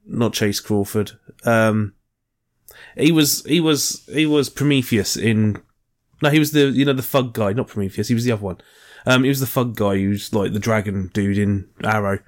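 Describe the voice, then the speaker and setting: A man's voice: fairly low pitch, moderate pace. Man, podcast co-host, rambling, sweary, keeps losing his train of thought. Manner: rambling, searches for names, frequent swearing. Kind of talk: casual chat.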